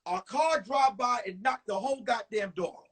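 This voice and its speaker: A comedian tells a blunt, profane story. His voice is unusually high for a man and husky. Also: normal speed, a bit bright. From New York. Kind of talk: stand-up storytelling.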